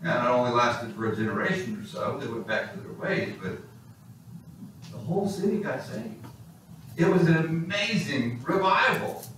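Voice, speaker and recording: A male pastor preaching a sermon in a church, animated and storytelling. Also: mid-range voice, moderate pace, few pauses, a little hiss or hum. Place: church sanctuary. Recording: echoey hall, distant mic.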